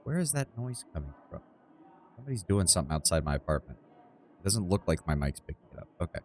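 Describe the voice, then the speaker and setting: Low-voiced self-deprecating male game streamer. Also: very animated, fast talker. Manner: self-deprecating, thinks aloud with restarts. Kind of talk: casual livestream commentary. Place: his apartment.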